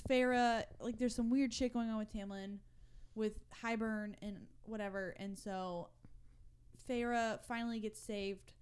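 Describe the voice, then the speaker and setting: A woman's voice: on the high side, fairly even intonation, a little slow, a little mellow, a little hiss or hum. A woman co-hosting a casual book podcast, enthusiastically summarizing the plot. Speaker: podcast co-host.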